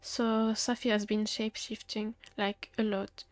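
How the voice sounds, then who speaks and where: A woman's voice: mid-range voice, level tone, measured pace, no echo. A woman streamer reading game dialogue aloud in a matter-of-fact way, with small asides of her own.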